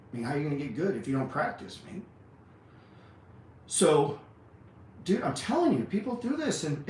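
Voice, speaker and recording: A man's voice: on the high side, darkish tone, far from the mic, slight background noise. A man giving a blunt, profane motivational rant about trading as a teacher, peppering his talk with "man" and "dude". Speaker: trading educator. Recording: echoey room, voice from off-mic.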